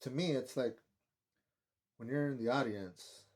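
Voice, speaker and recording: Speaking a little slowly in a mid-range, slightly mellow voice, a man rambles through a casual film review. He swears frequently and peppers everything with "like."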